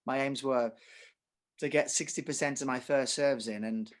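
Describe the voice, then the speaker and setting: A middle-aged man, a tennis coach talking casually on a podcast and telling animated examples. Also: medium pitch, moderate pace. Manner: animated storyteller, uses acted examples.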